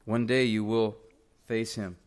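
A man's voice: fairly low pitch, level tone, a little slow, clean tone. A male pastor preaching a sermon in a church, earnestly pressing direct questions on the congregation.

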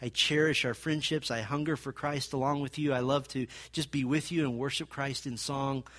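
A male pastor delivering an earnest sermon, slowing and pressing hard on the scripture he quotes. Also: mid-range voice, fairly even intonation, fairly bright tone. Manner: earnest, emphatic, rises and slows on quoted scripture.

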